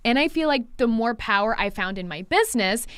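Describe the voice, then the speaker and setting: A woman's voice: a little high, expressive, brisk, a bit bright, clear, resonant tone, dry recording. A woman hair stylist and coach talking candidly in a podcast conversation, swearing freely and acting out past exchanges with clients.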